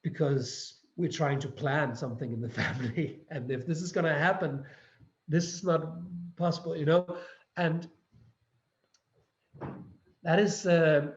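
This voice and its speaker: A man's voice: fairly high pitch, measured pace, long pauses. A Danish man speaking English with a Danish accent, a guest actor chatting casually and restarting his sentences as he searches for words. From Denmark. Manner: stop-start, repeating words while searching for them. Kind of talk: casual interview chat. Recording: roomy, slightly dull audio.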